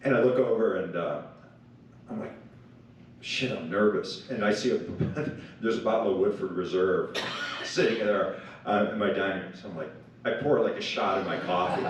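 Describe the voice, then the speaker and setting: A man, a company founder, telling a chatty anecdote on a panel, full of fillers. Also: fairly low pitch. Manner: chatty, self-described blabbermouth, many fillers. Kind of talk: casual anecdote on stage. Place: large event hall. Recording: echoey hall, mic far off, faint noise.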